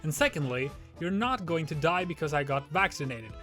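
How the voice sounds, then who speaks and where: A man voicing a calm fifteen-year-old boy who answers an angry shopper with dry comebacks. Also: on the high side, a little fast, soft background music.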